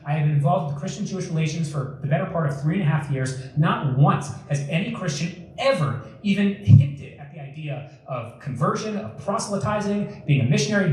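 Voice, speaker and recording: A man's voice: fairly high pitch, a little mellow. An earnest young man gives an impassioned public talk and hammers his points with emphasis. He is heard from a distance in a very echoey community hall. Faint noise sits behind him. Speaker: guest speaker.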